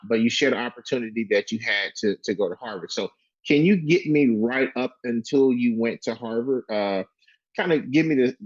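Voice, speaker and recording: A man hosting an interview, enthusiastic but halting, with frequent restarts. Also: medium pitch, no echo. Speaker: podcast host. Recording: dry, slightly dull sound.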